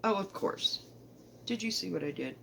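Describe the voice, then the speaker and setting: A woman with a Southern accent, chatting casually about her stitching at home, rambling, correcting herself and often trailing off softly. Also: fairly low pitch, animated, moderate pace, gravelly, a little hiss or hum, low-quality recording. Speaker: cross-stitch vlogger. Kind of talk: casual show-and-tell chat. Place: home, indoors.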